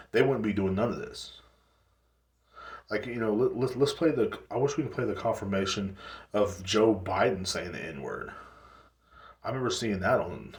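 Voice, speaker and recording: A man's voice: on the low side, distant mic. A man hosting a solo podcast, ranting in a profane, rambling way with frequent restarts. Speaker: podcast host. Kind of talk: casual solo podcast rant. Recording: echoey room, off-mic.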